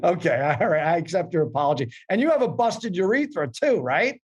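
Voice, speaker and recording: A man's voice: sits high, animated, fairly quick, slightly rough, lo-fi sound. A man hosting a casual interview, talking in a playful, joking way and telling stories with animation. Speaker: host.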